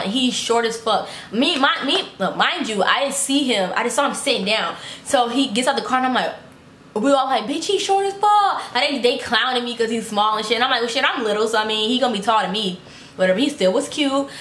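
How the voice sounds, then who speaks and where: A young adult woman telling a casual storytime vlog, animated, acting out quotes in high voices and swearing freely. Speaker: vlogger. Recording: echoey room, faint background noise.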